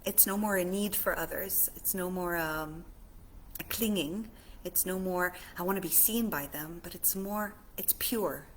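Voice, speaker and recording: A woman life coach talking casually on a live stream. She is earnest and heartfelt, repeats her phrases softly, and pauses often with fillers. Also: lowish voice, slight background noise. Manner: earnest and heartfelt, with soft repetitions; halting, with many pauses and fillers.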